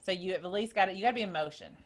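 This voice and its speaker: A woman hosting a casual group call, telling a story in an excited, rambling way. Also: medium pitch, rapid-fire. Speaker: host. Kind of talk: casual chat.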